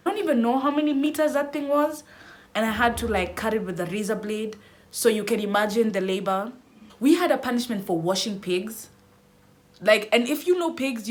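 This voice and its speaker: Bright-voiced woman telling a story. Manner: dramatic, squeals into high cries when acting out panic. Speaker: vlogger. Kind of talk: animated storytime.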